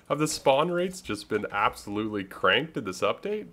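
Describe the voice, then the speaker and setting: A man's voice: medium pitch, big pitch swings, normal speed, fairly bright tone. A young man from Canada giving casual, rambling commentary over his own gameplay, chatting and interrupting himself as he goes. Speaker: gaming YouTuber.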